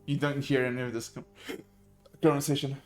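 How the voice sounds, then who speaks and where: A man's voice: mid-range voice, level tone, a little fast, soft background music. A man narrating as game master of a tabletop game, laid-back and casually swearing.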